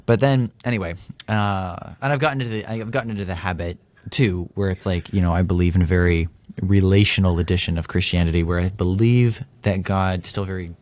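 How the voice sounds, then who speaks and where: A man's voice: low voice, brisk, no room sound. A man from Canada, a podcast host, telling a story in casual chat and acting out the dialogue with energy. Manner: animated, acts out quoted dialogue.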